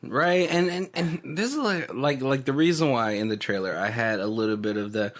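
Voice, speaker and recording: A man's voice: medium pitch, moderate pace. A man co-hosting a movie podcast, chatting casually, laughing often and restarting his sentences. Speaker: podcast co-host. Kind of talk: casual movie commentary chat.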